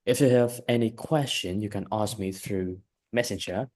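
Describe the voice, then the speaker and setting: Male English tutor, lower voice, emphatic and repetitive coaching, frequent check-ins. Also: normal speed, a little mellow. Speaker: English teacher. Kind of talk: one-on-one lesson feedback.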